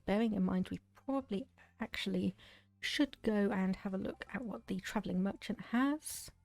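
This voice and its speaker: Brief: British woman, game streamer, calm explanatory commentary, dry close mic. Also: medium pitch, no echo. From United Kingdom. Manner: measured, explanatory.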